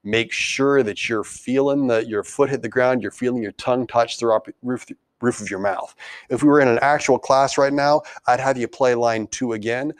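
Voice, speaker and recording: A man with a mid-range voice teaches a beginner band lesson at a moderate pace, covering tonguing and foot tapping and counting rhythm syllables out loud. The music teacher is recorded with no room sound.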